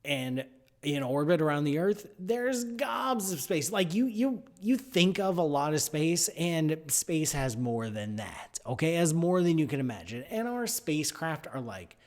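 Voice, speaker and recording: A man hosting a live science radio show from a studio, playful and animated with jokey asides. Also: fairly high pitch, a little slow.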